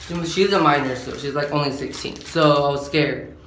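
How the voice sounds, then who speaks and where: In a casual storytime, a vlogger of eighteen rambles in slang, sprinkling "like" everywhere. He speaks at normal speed in a voice that's a little high and a bit bright. Echo from the room and a faint hum are audible.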